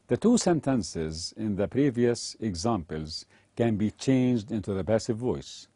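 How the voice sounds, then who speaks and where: A man teaching English grammar, reading a scripted lesson and example sentences aloud in a measured way. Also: lowish voice, big pitch swings, dark tone, no echo.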